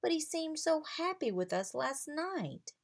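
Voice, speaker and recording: A woman's voice: high-pitched, very animated, a little slow, pitched above the performer's own voice, exaggerated voice. A woman voicing an earnest young boy who rides dragons, wondering aloud in a read-aloud storybook.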